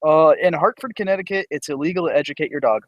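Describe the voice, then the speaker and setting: Relaxed podcast co-host man, dry sound. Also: a little high, fast, no echo, dull audio. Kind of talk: casual podcast chat.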